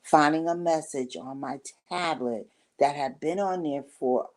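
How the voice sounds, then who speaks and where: A woman's voice: deep voice, measured pace, a little mellow. A middle-aged woman casually telling a personal story to camera, rambling and acting out what people said. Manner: rambling, conversational, acts out quoted talk.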